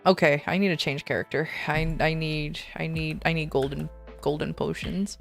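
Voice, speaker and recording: A woman's voice: low-pitched, fairly even intonation, normal speed, vocal fry, soft background music. A woman VTuber streamer chatting casually while gaming, rambling and ranting in an exasperated way.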